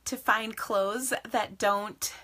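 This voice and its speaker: A woman's voice: medium pitch, fairly even intonation, very slow, sharp tone. A woman in her forties, a craft business host, chatting casually on a live stream, greeting viewers by name and laughing often.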